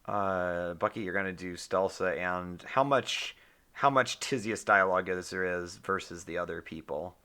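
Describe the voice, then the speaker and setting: A man's voice: low-pitched, moderate pace, pushed and bright. A man hosting a casual fan story reading, laughing often and gushing, then narrating the chapter.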